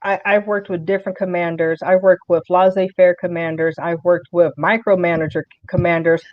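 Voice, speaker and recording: A woman's voice: lowish voice, flat delivery, fairly quick, dry recording. A woman guest on a political podcast, talking earnestly in casual conversation and often repeating words as she restarts. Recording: muffled dry audio.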